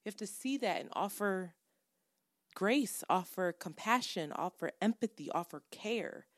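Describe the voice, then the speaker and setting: A woman co-hosting a podcast, telling a story in casual, animated, profane chat that builds to heat. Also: mid-range voice, measured pace, no room sound, studio quality. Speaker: podcast co-host.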